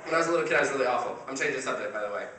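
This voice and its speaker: A man's voice: mid-range voice, racing. A young man performing a stand-up comedy set at a student competition, talking conversationally and checking in with the crowd. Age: young adult. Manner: conversational, asks the crowd "right?" often. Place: university comedy competition stage, audience laughing. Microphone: filmed by a shaky camera from the audience. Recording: echoey hall taped from far off, noisy.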